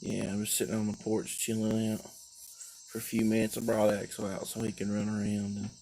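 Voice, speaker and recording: A man's voice: lowish voice, monotone, brisk, mellow, slight background noise. A tired, drowsy man chatting casually on a live stream while sitting outdoors on his porch, rambling in a laid-back way. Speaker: livestream host.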